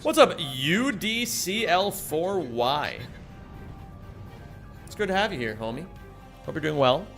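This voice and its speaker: A man's voice: on the high side, very animated, takes it slowly, creaky, pauses often, a bit bright, soft background music. A young man live-streaming a game, joking around casually and greeting viewers by name. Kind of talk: casual live-stream chat while gaming.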